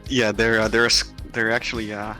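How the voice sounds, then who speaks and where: A man chatting casually on a stream as a guest, excitable and profane, often stammering and restarting. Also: fairly low pitch, brisk, faint music behind. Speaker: guest VTuber.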